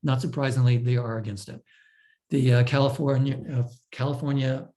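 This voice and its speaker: A man gives a technical presentation in a warm, mellow voice at a middling pitch. He explains step by step in a measured way, often pausing on fillers and restarting his sentences. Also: steady tone. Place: online talk.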